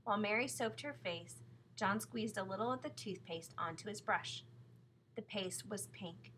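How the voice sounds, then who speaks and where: A woman narrating a children's book chapter in clear, steady storytelling. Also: medium pitch, moderate pace, a little hiss or hum, rough recording.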